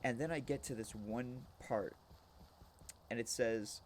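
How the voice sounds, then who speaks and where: Young guy on stream rambling thru a story, mid-pitch, restarts a lot, gets loud on punchlines. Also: a little slow, pauses often. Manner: rambling, animated, shouts quoted punchlines. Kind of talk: casual storytelling while gaming.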